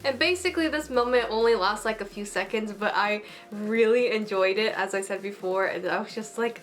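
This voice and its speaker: A woman's voice: mid-range voice, moderate pace, faint music behind. A woman chatting casually as an anime reviewer, bubbly and gushing, full of filler words. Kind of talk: casual chat.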